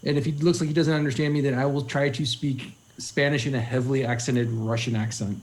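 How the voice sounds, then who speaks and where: A man's voice: mid-range voice, fairly even intonation, brisk. Confident man playing a tabletop game. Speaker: player. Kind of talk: casual tabletop play.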